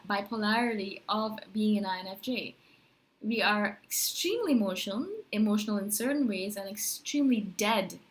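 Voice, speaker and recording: A woman vlogging to camera in a casual, rambling monologue, full of "like" and "right?" asides. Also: mid-range voice. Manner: animated, rambling, lots of "like" and "right?".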